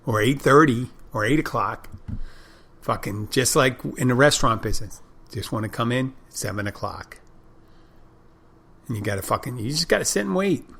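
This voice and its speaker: A man's voice: medium pitch, lively intonation, moderate pace, creaky, long pauses, a bit bright, slightly rough. A middle-aged man hosting a podcast, telling a rambling, profane story in a casual monologue with frequent restarts. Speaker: podcast host.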